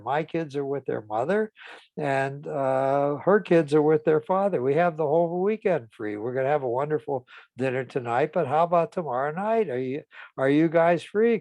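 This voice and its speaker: A man telling a client's story and acting out each person's side of the dialogue with lively emphasis. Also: mid-range voice, gravelly, no room sound. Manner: animated retelling, voices the people in the story with rising emphasis.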